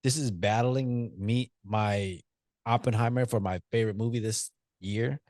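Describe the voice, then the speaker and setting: A man's voice: lowish voice, measured pace, a little mellow, no room sound, clean studio sound. A man co-hosting a casual movie podcast, loose and profane, teasing his friend and musing aloud with restarts. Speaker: podcast co-host. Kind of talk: casual movie-review chat.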